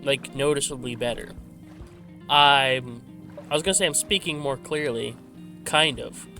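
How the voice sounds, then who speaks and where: Music plays in the background as this gaming host talks at a measured pace in a medium-pitched voice. His commentary while playing is relaxed and rambling, with self-corrections and a slight stutter, captured on a desk mic with a simple filter.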